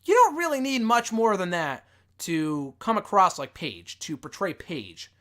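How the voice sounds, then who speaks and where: A man's voice: sits high, big pitch swings, unhurried, fairly bright tone. A man getting over a cold gives a casual, rambling film review as a wrestling show host, swearing freely and full of fillers. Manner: rambling, profane, lots of fillers and restarts. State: recovering from a cold.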